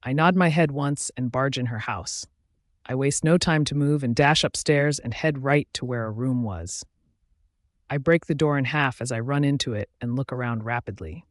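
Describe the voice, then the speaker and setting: Guy reading a werewolf story out loud, mid pitch, dry close sound. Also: normal speed, no room sound. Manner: steady first-person storytelling, dropping quiet on tags. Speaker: narrator.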